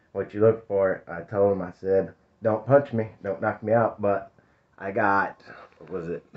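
A man, telling a rambling, profane story in casual vlog chat. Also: lowish voice. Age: 50s. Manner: rambling, laid-back, profane. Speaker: vlogger. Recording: dull lo-fi sound.

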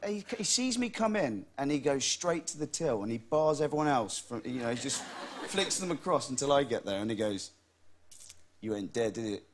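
A man's voice: mid-range voice, sing-song, fairly quick, very noisy. A man, an actor guest on a talk show, speaking in a good-humoured way and often restarting his words. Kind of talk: chat show interview. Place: TV studio with audience.

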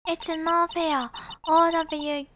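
A woman's voice: very high-pitched, level tone, takes it slowly, a bit bright, slight background noise, exaggerated voice. A woman voicing a haughty, petulant young woman witness in a game, with a huffy, indignant delivery. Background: background music.

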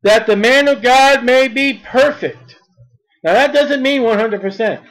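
High-voiced man preaching. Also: a bit bright, low-quality recording. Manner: emphatic, reads scripture slowly then speeds up. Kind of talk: sermon.

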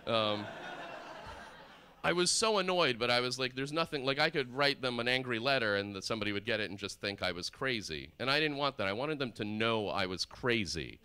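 A man in his thirties, from the former Soviet Union, doing deadpan, rambling stand-up comedy on stage at a live show. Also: medium pitch, brisk, clear, resonant tone. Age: 30s. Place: live performance space on stage.

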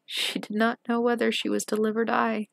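A woman reading a fairy tale aloud in a measured, expressive storybook style. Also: on the high side, gravelly, slight background noise. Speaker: storybook reader.

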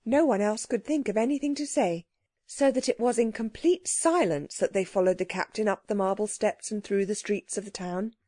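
A woman narrates a children's audiobook with clear, gently expressive storytelling. Her voice is warm and mellow, recorded dry and close. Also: mid-range voice, moderate pace, dry recording.

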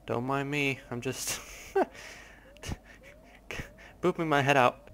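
A man's voice: mid-range voice, takes it slowly, pauses often, a bit bright, clean tone. A young man hosting a gaming channel, giving jumpy, nervous let's play commentary with lots of swearing.

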